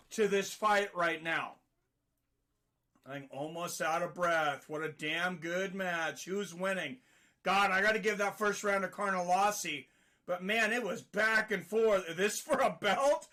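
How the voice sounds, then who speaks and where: A man giving excited live play-by-play fight commentary, rising to shouts at big moments. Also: sits high.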